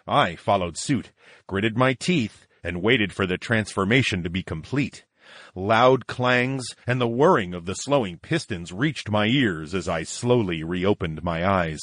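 A man's voice: fairly low pitch, expressive, a little slow, fairly bright tone, no echo, studio quality. A man narrating a first-person story in a dramatic, theatrical manner.

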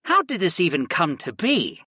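A man's voice: high-pitched, huge pitch swings, normal speed, bright, forceful tone, husky, no echo, clean studio sound, voice pushed up, full character voice. A man doing a fussy, snobbish young mage. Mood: uneasy. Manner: fussy, precise. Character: snobbish, well-groomed young male mage.

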